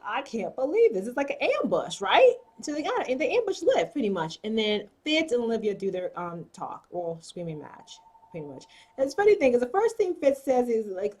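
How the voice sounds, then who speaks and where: Chatty woman recapping a tv show, lively up-and-down voice, bit high. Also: slightly rough. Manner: chatty, acts out characters' lines with emphasis. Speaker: TV episode reviewer. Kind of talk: casual recap vlog.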